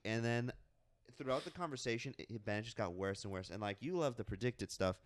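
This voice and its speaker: A man's voice: medium pitch, fairly quick, smooth, dry recording. A man co-hosting a reality TV podcast, joking and acting out the lines he imagines people saying. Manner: joking, acts out quoted lines. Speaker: podcast co-host. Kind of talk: casual chat.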